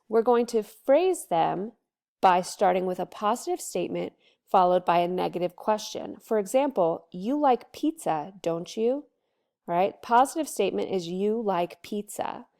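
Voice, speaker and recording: A Latin teacher, a woman, giving a recorded study lesson and explaining grammar step by step, slowing down and stressing each example word. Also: medium pitch, vocal fry, darkish tone. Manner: slow, deliberate explaining with stressed example words.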